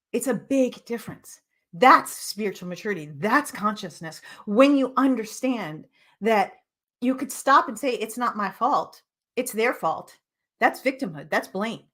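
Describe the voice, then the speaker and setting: A woman's voice: a little high, fairly bright tone. A woman hosting a spiritual self-help show, speaking in an impassioned, emphatic way and repeating phrases for force. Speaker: spiritual teacher and show host. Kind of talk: impassioned motivational monologue.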